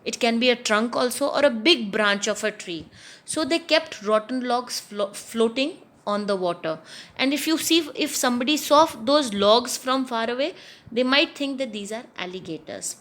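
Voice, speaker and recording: Woman, teacher type, reads a kids' story and stops to explain words, voice a bit high. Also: animated, moderate pace, fairly bright tone. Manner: explains words to young listeners, asks and answers questions. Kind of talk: storybook read-aloud lesson for children.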